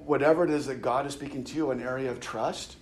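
Quick-paced and fairly even in intonation, a man with a mid-range voice preaches as if chatting with his congregation. He stammers and starts over often, and his voice climbs in emphasis as he reads scripture.

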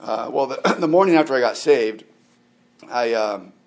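A man's voice: medium pitch, lively intonation, normal speed. Conversational preaching man, 40s. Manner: conversational preaching with many fillers and restarts. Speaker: pastor. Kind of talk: sermon.

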